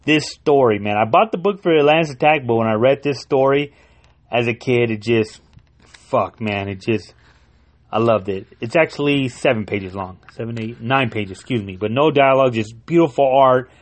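Excited man retelling a comic story. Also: medium pitch, normal speed. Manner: excited, profane, with many restarts and fillers. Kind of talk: casual storytelling monologue.

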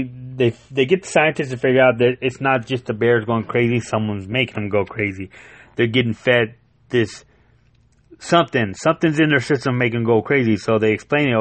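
A man's voice: mid-range voice, dry recording. Dry-sounding casual man reviewing comics. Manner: loose, profane, laughing retelling.

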